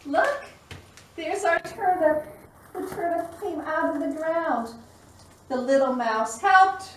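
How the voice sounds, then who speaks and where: A woman telling a storytime tale to toddlers, an expressive storyteller who makes the animal noises herself. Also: very high-pitched, takes it slowly. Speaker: children's librarian. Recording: echoey room, mic at a distance.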